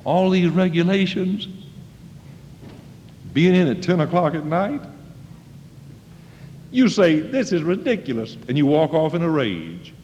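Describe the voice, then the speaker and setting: A man preaching a sermon to students in a folksy manner, acting out quoted voices and rising to loud emphasis. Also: fairly high pitch, very animated, slow, pauses often, slight background noise. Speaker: preacher at a school chapel. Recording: dull old recording in a reverberant hall.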